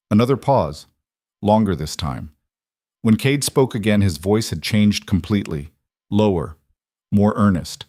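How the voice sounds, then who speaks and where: A man narrating a fantasy romance audiobook in steady, measured scripted narration. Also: lowish voice, no echo, clean studio sound.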